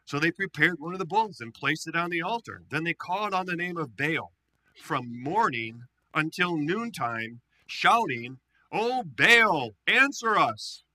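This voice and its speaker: Male pastor, lively scripture storyteller, bright forceful tone, slightly high. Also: normal speed, rough recording. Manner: animated storytelling with playful asides. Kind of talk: sermon with scripture reading.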